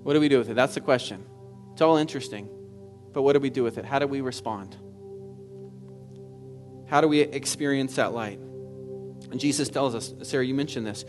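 A man's voice: mid-range voice, moderate pace, pauses often, soft background music. A man preaching a sermon in an earnest manner, rising at times to fervent exclamation. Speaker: pastor.

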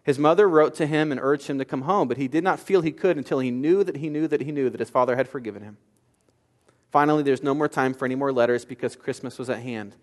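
A man, a pastor, delivering a sermon, moving between forceful declarations and quiet storytelling. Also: medium pitch, big-room sound. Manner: emphatic, swings from loud declarations to soft storytelling.

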